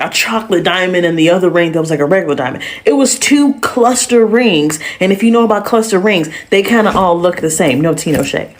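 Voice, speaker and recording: Sassy woman telling a story. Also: medium pitch. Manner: animated, sassy slang-filled telling. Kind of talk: casual storytime.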